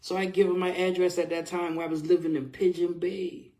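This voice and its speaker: A man with a fairly high voice tells his own story with feeling. He talks casually, full of slang, and swings between heated and quieter moments as he recounts it. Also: brisk. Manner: animated, conversational, uses casual slang. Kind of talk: emotional personal storytelling.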